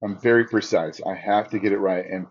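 A man's voice: lowish voice, steady tone, fairly quick, darkish tone, husky, lo-fi sound. A man, a ring announcer, telling stories in a casual interview and acting out his own quotes with a raised voice.

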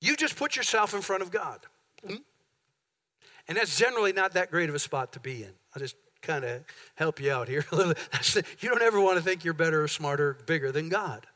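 A man's voice: on the high side, expressive, fairly quick, pushed and bright. A man preaching a sermon as pastor in a church, emphatic and building points through repetition. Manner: emphatic, repeats phrases for effect. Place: church sanctuary.

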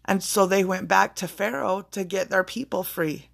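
A woman's voice: medium pitch, steady tone, moderate pace, gravelly. A woman giving a casual spiritual pep talk in an emphatic, repetitive way, with blunt swearing. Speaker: motivational speaker.

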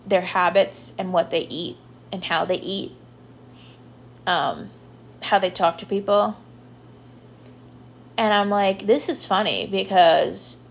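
Slow, chatty young woman. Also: fairly low pitch, a little hiss or hum. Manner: chatty, rambling, lots of ums and likes. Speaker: podcast host. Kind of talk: casual solo podcast talk.

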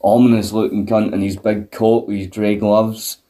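A man's voice: lowish voice, moderate pace. A man in his thirties co-hosting a podcast, telling stories with lots of swearing. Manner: sweary, animated storytelling. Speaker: podcast co-host. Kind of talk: casual chat.

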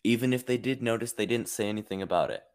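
A man's voice: fairly low pitch, fast. A man hosting a casual podcast chat, telling rambling, laid-back stories full of filler words. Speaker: podcast host.

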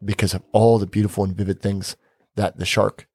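A man co-hosting a podcast, telling a tale in slow, drawn-out phrases. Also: lowish voice, flat delivery, darkish tone, no room sound, clean studio sound. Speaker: podcast co-host. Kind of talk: casual storytelling and banter.

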